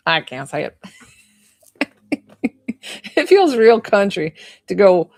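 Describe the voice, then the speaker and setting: A woman's voice: medium pitch, very animated, slow, gravelly, long pauses, a little mellow, dry recording, soft background music. A woman giving a spiritual medium reading in an effusive, emotional way with many fillers.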